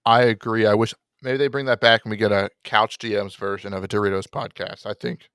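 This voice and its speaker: A man's voice: on the low side, level tone, a little fast, a bit bright, smooth, no room sound, clean studio sound. A man co-hosting a football podcast, chatting eagerly and often tripping over his words. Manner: enthusiastic, stumbling over words. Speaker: podcast co-host. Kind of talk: casual chat.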